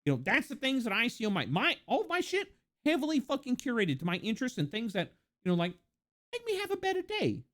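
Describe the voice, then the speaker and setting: Streamer host, mid-pitched, very animated intonation, loose profane rambling delivery. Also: quick pace. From United States. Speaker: livestreamer. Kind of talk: casual live-stream rant.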